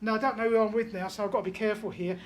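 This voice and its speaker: A woman's voice: mid-range voice, steady tone, racing. A woman giving a spiritual medium reading, chatty and relaying messages, often checking in with her listener.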